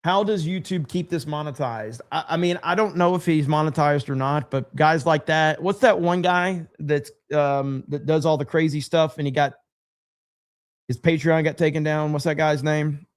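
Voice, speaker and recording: A man's voice: a little high, normal speed, dry recording. A man hosting a livestream, chatting casually and reading viewer comments aloud, loose and rambling with lots of ums. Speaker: livestream host.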